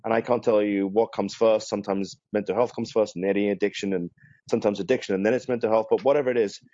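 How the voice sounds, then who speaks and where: A man explaining legal procedure on a remote panel discussion, measured, with frequent restarts, over a video call. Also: on the low side, fairly even intonation, warm tone, muffled recording. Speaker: guest attorney.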